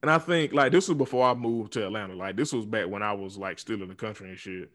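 A man in his twenties speaking in a casual political rant, blunt and profane, dropping to low mutters and jumping to loud laughing outbursts. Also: fast. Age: 20s. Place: southern United States.

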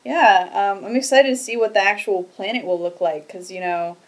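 A woman's voice: mid-range voice, moderate pace. A woman co-hosting a film podcast in casual chat, giggly and hesitant, with many ums. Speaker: podcast co-host.

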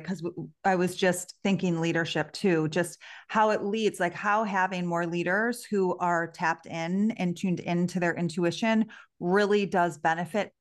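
This woman host has a slightly low voice for a woman. She talks in a reflective, encouraging manner, building her thoughts out loud before she turns them into a question for her guest. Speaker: podcast host. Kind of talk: casual interview conversation.

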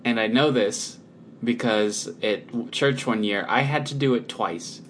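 A man co-host speaking in casual chat at a middling pitch. His humor is dry and understated, and he clears his throat now and then. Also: a little slow, a little hiss or hum. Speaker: podcast co-host.

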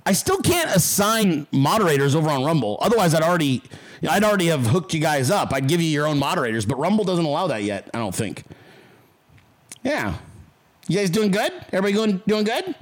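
High-pitched sarcastic ranting man. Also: big pitch swings, fairly quick, rough recording. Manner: sarcastic, mocking, ranting at chat. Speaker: livestream host. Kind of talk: profane livestream rant.

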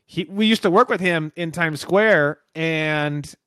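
A fairly high-voiced man hosts a podcast, rattling through stories with plenty of swearing and playful impressions. His voice is recorded dry and close, with no room sound. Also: takes it slowly, clean tone, dry recording. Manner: swears a lot, excitable storytelling, does impressions. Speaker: podcast host. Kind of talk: casual chat.

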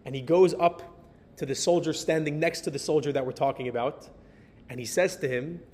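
An American man telling a story in a sermon as a Torah teacher, animated and dropping in Hebrew and Yiddish words. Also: a little fast. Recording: reverberant hall with faint rumble.

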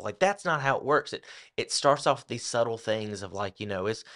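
Speaking briskly with lively intonation, this Bible teaching podcast co-host explains in a laid-back way, leaning heavily on "like" as a filler. His voice is lowish with a fairly bright tone.

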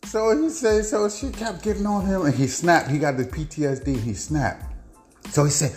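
Rambling, animated male storyteller. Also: on the high side, normal speed, echoey room, faint music behind. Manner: rambling, animated, laughs often, repeats himself. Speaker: podcast host and author. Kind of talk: casual personal storytelling.

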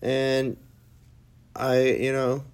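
A man's voice: mid-range voice, extremely slow, smooth. A young adult man hosting a podcast, chatting casually and acting out his own lines as he tells a story. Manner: animated storyteller, acts out his own quotes. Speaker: podcast host. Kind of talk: casual chat.

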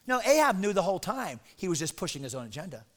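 A male pastor preaching a sermon in an animated, dramatic, conversational way. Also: high-pitched, quick pace.

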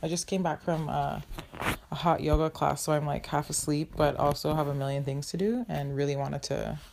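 A woman's voice: deep voice, fairly even intonation, moderate pace, gravelly, darkish tone, slight background noise. A young woman hosting her podcast from her room, talking casually and upbeat with lots of fillers and restarts, slightly out of breath. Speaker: podcast host. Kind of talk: casual solo podcast monologue.

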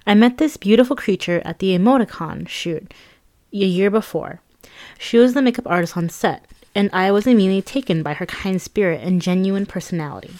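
A woman reading her own memoir aloud as an audiobook, in a conversational, lively and self-mocking way. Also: medium pitch, a little fast.

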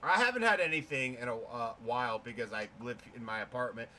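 A man's voice: medium pitch, brisk, sharp tone, slight background noise. A young man co-hosting a podcast in casual chat, laid-back, swearing and telling stories. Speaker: podcast co-host.

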